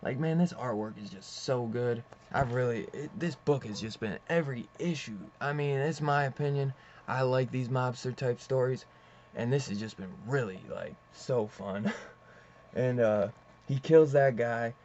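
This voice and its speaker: A young man casually reviewing a comic book, rambling and excitable, swearing and saying "dude" often. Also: mid-range voice, a little slow. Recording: slightly dull lo-fi audio with faint hiss.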